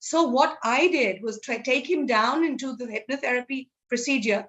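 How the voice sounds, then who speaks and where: A woman's voice: fairly high pitch, fast talker, fairly bright tone, lo-fi sound. A woman from Assam with an Assamese accent, a psychology counsellor explaining her work in an interview, switching between English and Assamese. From Assam, India. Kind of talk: interview answers.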